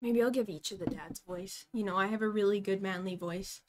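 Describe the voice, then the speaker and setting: A young woman streaming a game live, excitable and giggly, talking to herself as she plays. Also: medium pitch, fairly quick.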